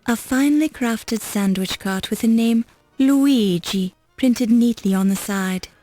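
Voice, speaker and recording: A woman doing a wry game narrator with a mellow, warm tone and a slightly raised pitch, describing objects in a dry, matter-of-fact way. Faint music plays underneath. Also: unhurried, close to an everyday voice.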